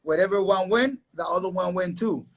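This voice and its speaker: Brief: emphatic man hosting a live stream, high voice with a husky edge. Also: moderate pace. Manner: emphatic, animated storyteller. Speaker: host and dog breeder.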